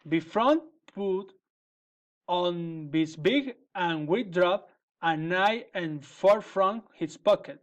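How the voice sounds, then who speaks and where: A man reading a children's fairy tale aloud in a gentle, measured way. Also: high voice. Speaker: storyteller. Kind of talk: storybook reading.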